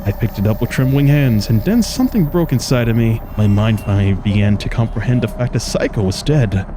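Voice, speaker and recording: A man's voice: medium pitch, animated, brisk, background noise. A man streaming a video game, reading its story text aloud dramatically and dropping wry asides between passages. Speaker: gaming streamer. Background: game music.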